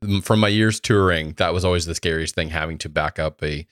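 Man, guest co-host, casual podcast chat, very deep voice, dry close sound, wry banter. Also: a little fast, a bit bright, clear, resonant tone, no echo.

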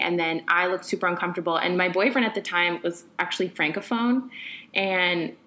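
A woman's voice: mid-range voice, fairly bright tone. Woman, young adult, podcast host, candid, conversational, fillers. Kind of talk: reflective personal storytelling.

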